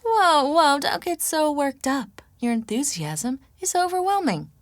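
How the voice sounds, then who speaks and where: A brash woman healer with a sarcastic streak, her voice pitched noticeably higher and sounding set apart from the narrator's usual tone, as a woman narrator puts her on. She delivers wisecracks in a breezy, teasing manner. The reading is dry and close, with no room echo. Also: big pitch swings, a little slow.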